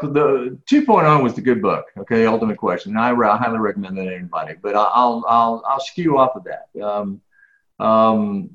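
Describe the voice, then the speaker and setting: A man's voice: fairly low pitch, a bit bright. A middle-aged man speaking as an interview guest, emphatic and full of restarts and repeated words. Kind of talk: conversational interview. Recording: echoey, dull lo-fi sound.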